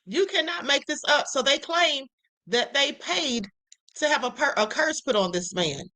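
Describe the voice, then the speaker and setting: A woman's voice: sits high, animated, measured pace, pushed and bright, poor audio. A woman hosting a livestream show, talking casually and sassily, calling her viewers honey and y'all. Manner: sassy, chatty, calls viewers honey and y'all.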